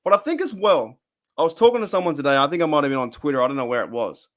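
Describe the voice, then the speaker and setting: A man's voice: fairly high pitch, animated, racing, fairly bright tone. A young Australian man hosting a casual live stream, rambling and repeating himself as he reads the chat.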